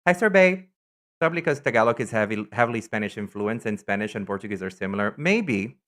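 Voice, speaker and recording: A man's voice: on the low side, expressive, quick pace, a bit bright. A man streaming a card game, chatting casually with viewers in English, which isn't his first language, often breaking off and restarting his sentences. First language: not English.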